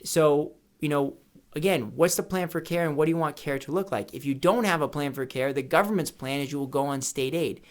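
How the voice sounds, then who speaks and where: In an office or home studio, a man with a slightly high voice gives brisk educational advice on retirement straight to camera. He speaks emphatically, repeats key questions, and tells anecdotes to drive his point home. He's recorded on a camera mic with a studio lights setup.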